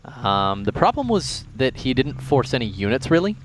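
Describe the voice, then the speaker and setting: A man's voice: medium pitch, big pitch swings, normal speed, slight background noise. A man giving color commentary on an esports match, analytical with playful banter. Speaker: esports co-caster.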